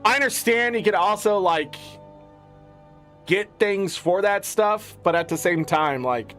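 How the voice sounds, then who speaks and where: A man's voice: high voice, measured pace, fairly bright tone, faint music behind. A man giving a casual, profane, exasperated gaming rant as a content creator.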